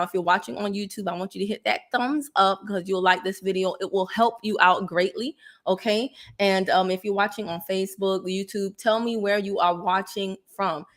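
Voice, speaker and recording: A woman's voice: mid-range voice, steady tone, moderate pace. A woman hosting a casual livestream, chatty and laughing often as she greets viewers. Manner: chatty, gives shout-outs, laughs often. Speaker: livestream host.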